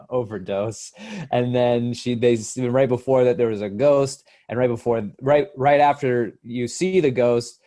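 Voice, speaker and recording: A man co-hosting a podcast, retelling scenes in a rambling, excited way, laughing as he goes. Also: mid-range voice, unhurried. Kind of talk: casual podcast chat.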